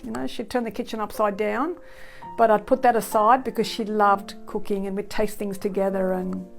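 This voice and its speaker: A middle-aged woman giving emotional interview testimony, speaking softly and haltingly with many pauses. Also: mid-range voice, vocal fry. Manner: soft-spoken, halting, many fillers. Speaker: grieving mother interviewed.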